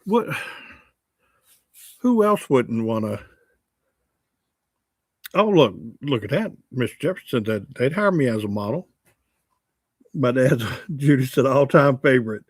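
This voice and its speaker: Chatty old radio guy in his sixties hosting a live chat, cracking jokes on himself, dry close sound, medium pitch. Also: very animated, unhurried, pauses often, slightly rough, no echo. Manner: joking, chatty and self-mocking. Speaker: livestream host and radio host. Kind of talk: casual livestream chat reading comments.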